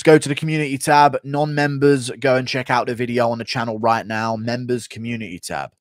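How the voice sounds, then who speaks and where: A man's voice: medium pitch, no echo. A man hosting a live stream, reading out donations and answering chat questions in a blunt, profane, rambling way. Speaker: streamer host.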